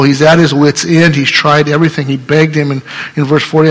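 A man's voice: a little high, brisk, slightly rough, big-room sound, rough recording. A pastor preaching an earnest, conversational sermon, often restarting his sentences.

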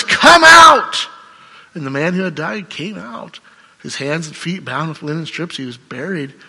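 Man, pastor, sermon, higher voice, punchy rhetorical questions. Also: pushed and bright, breathy edge, big-room sound. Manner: emphatic, conversational preaching with rhetorical questions.

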